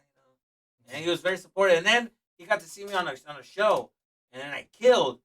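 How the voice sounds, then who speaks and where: A young adult man, a comedian, chatting casually and telling stories with plenty of cursing. His voice is highish and bright. He sits a little away from the microphone. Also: fast, far from the mic, poor audio. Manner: profane, animated storyteller. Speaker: stand-up comedian guest. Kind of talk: casual podcast chat.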